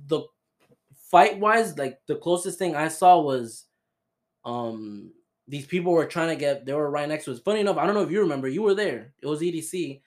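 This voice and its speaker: Young male podcast host from Florida, a touch high-pitched, loose and profane storyteller. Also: expressive, normal speed. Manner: swearing, laughing storyteller. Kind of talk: casual chat.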